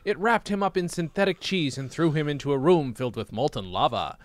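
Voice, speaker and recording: A man's voice: a little high, fairly quick, no echo. A man reading an old childhood story aloud with comic, sarcastic asides. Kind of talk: comedic read-aloud with commentary.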